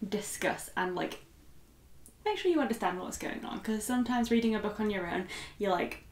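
A woman's voice: mid-range voice, normal speed, reverberant, slight background noise. A young woman co-hosting a book readalong, chatting casually with lots of fillers and giggles. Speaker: co-host of a book readalong channel. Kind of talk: casual chat.

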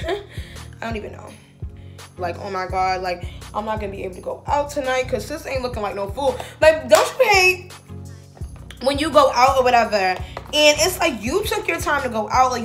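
A woman's voice: fairly high pitch, a bit bright. A woman vlogger chatting casually to her viewers while getting ready, sassy and talkative, calling them baby and y'all. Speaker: beauty vlogger. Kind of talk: casual get-ready-with-me chat.

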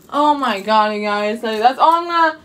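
A woman's voice: on the high side, a bit bright, distant mic. A woman vlogging casually to her viewers, anxious and rambling, repeating herself and calling out to them over and over. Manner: anxious, rambling, repeats herself, keeps saying "you guys" and "y'all". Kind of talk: casual vlog talk to camera.

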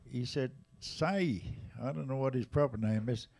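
Older english man, eighties, mellow voice, chatty anecdotes, lively quotes. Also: medium pitch, unhurried, gravelly. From England. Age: 80s. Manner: lively, animated retelling with raised voices for quotes. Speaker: jazz drummer and storyteller guest. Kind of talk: casual anecdotal storytelling. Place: live museum listening room event.

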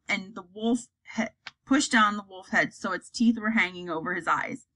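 A woman reading a children's fantasy story aloud, acting out the characters in a lively way. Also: medium pitch, normal speed, low-quality recording. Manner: acts out characters, lively delivery. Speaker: audiobook reader.

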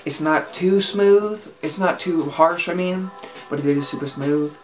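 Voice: mid-range voice, a little slow, faint music behind. A casual product reviewer at home, talking in a hesitant, rambling way with lots of fillers and restarts. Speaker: e-liquid reviewer.

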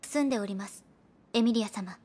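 An actress playing a gentle, earnest young half-elf girl who speaks softly and politely in an anime clip. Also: medium pitch, very fast, lightly acted. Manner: soft, polite, questioning.

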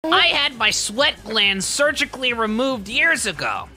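A woman's voice: a little high, sing-song, measured pace, sharp tone, exaggerated voice. A woman voicing a cocky, touchy young male hawk racer in comedic, profane banter during a game playthrough. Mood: smug. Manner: defensive, rambling, profane banter. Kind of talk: comedic let's play voice.

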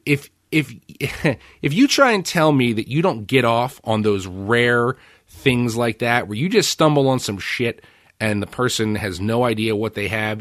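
A male podcast host telling casual stories with energy, swearing freely and acting out what other people said. His voice sits at a middle pitch for a man and is recorded dry and close, with no room echo. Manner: animated storytelling with swearing and acted-out quotes. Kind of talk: casual chat.

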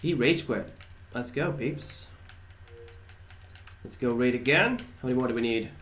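A Dutch game streamer, a native speaker from the Netherlands, comments casually on live gameplay, bantering with chat and occasionally swearing. His voice is medium-pitched, measured, and fairly bright, with roomy echo and faint background noise.

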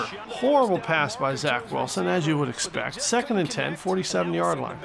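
A man giving excitable play-by-play commentary over a football video game, exclaiming at big plays and mocking the other team. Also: on the high side, normal speed, vocal fry. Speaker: gaming channel host. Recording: stadium crowd noise from the game behind.

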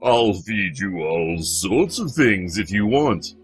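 A sinister bird doctor who croons low and slow, every word dragged out with menace, as a man puts him on. The voice drops well below the narrator's own and lingers on each phrase. It is a game voice from a lone let's-play narrator. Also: very animated, soft background music, exaggerated voice. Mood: creepy. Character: creepy sinister male bird school doctor.

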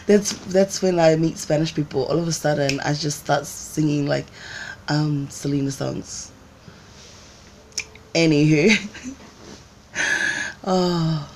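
Low, gravelly-voiced woman vlogger. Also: takes it slowly, long pauses, a little mellow, a little hiss or hum. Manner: chatty storyteller, acts out voices, laughs often. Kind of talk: casual live-stream chat.

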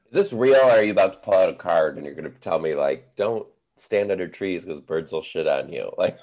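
Animated deep-voiced male comedian guest. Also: brisk. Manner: animated, swears freely, laughs often. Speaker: comedian and teacher, podcast guest. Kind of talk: casual interview chat.

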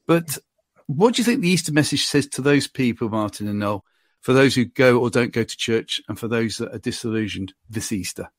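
A man's voice: mid-range voice, lively intonation, fairly quick, dry recording, studio quality. A man hosting a podcast, telling self-deprecating anecdotes in a casual, chatty way. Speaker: podcast host. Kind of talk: casual storytelling chat.

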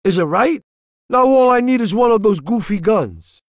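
An actor playing a tough, profane male mobster convict in a video game, talking with gruff swagger. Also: sits high, expressive, normal speed, dry recording, studio quality. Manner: gruff, swaggering, swears constantly.

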